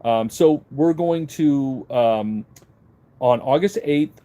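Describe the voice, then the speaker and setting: A middle-aged man's medium-pitched, mellow voice takes things slowly as he hosts a live online auction stream from a handheld phone camera. He greets viewers by name and reads their comments casually, though dental work has left his mouth a bit numb.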